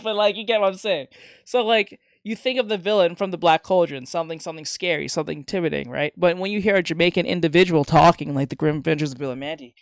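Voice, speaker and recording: A live streamer talks casually and rants with feeling, swearing now and then as they answer chat. The voice sits at a middle pitch. It is recorded close on a desk mic with a dry sound and no room echo. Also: fast. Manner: animated ranting with profanity, reads chat aloud.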